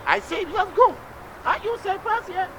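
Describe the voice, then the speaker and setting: A man playing a bossy interpreter who speaks broken English mixed with local phrases and insists he is not shouting. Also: extremely high pitch, animated, normal speed. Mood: stubborn. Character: bossy male interpreter mangling English, loud. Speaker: hired interpreter escorting a young woman. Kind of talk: street comedy sketch. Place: busy urban street outdoors. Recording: outdoor street recording with loud traffic noise.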